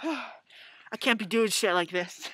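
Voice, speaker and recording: A woman's voice: medium pitch, slow, background noise. A woman vlogging outdoors to her camera in a casual chat, swearing, squealing and laughing nervously.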